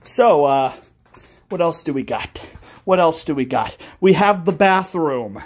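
Man, live streamer, goofy, rambling, teasing chat, unhurried delivery. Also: fairly high pitch, lively intonation, husky. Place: car, then home. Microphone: phone.

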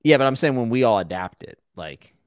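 Jokey man, lively pitch, dry sound. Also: a little fast, no room sound. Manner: joking, laughs often, drifts quiet at line ends. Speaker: podcast host. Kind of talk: casual chat.

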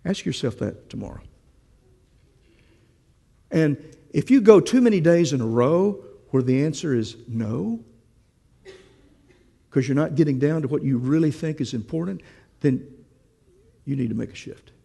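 Gravelly-voiced preacher telling a story. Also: male voice, a little high, animated, measured pace, long pauses, warm tone, long reverb tail. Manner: conversational, asks the congregation questions. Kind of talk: sermon with storytelling.

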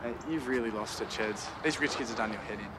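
A man's voice: mid-range voice, fast talker, background noise, natural voice. An actor playing a carefree young man with an Australian accent, breezy and talkative. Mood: defensive. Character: cocky, carefree young man, a surfer type.

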